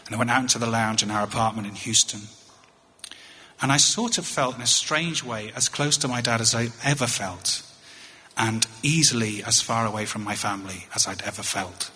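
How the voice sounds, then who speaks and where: English comic guy, bright voice, halts and repeats himself, big echoey hall. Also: medium pitch. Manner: halting, wry, repeats words. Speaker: touring comedian. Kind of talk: storytelling stand-up.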